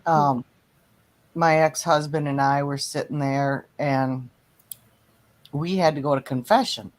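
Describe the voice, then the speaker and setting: A middle-aged woman hosting a casual chat, telling stories in a lively, animated way. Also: low-pitched, slow pace. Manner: chatty storyteller, animated retelling.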